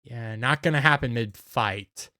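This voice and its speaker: A man's voice: medium pitch, measured pace, bright, forceful tone, dry recording, studio quality. A man giving a casual, enthusiastic episode recap as an anime reviewer, often stumbling over his words.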